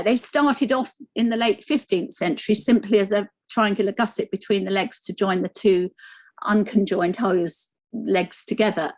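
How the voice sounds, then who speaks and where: A woman giving an academic conference lecture over slides, speaking with frequent ums, pauses and restarts. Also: on the high side. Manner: hesitant, many ums and restarts.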